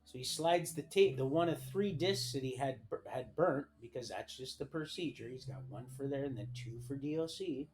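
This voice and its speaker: A man's voice: mid-range voice, animated, normal speed, few pauses. A man telling his own life story on a livestream in a casual, rambling way, often restarting sentences and reading a document aloud.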